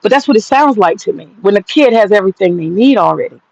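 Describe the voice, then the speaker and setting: An American woman hosts a livestream and rants bluntly, cussing freely as she reacts to the chat. Her pitch sits in an ordinary middle range for a woman. The stream audio is dull and lo-fi. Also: expressive, fast talker, darkish tone, no room sound. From United States. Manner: blunt, profane ranting. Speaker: livestream host. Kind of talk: livestream commentary reading chat.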